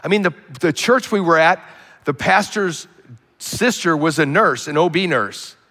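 A man preaching a sermon as a pastor, telling stories with animated emphasis and quiet asides. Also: a little high, a little slow. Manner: animated storytelling, swinging between loud emphasis and quiet asides. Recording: long hall reverb.

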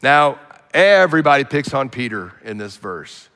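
A man preaching a sermon as a pastor, telling stories with animated emphasis and quiet asides. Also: medium pitch, moderate pace. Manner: animated storytelling, swinging between loud emphasis and quiet asides. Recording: long hall reverb.

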